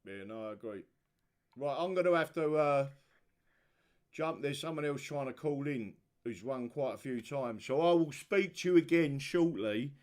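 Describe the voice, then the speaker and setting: A man hosting a call-in talk show, animated and stammering through restarts. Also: medium pitch, normal speed.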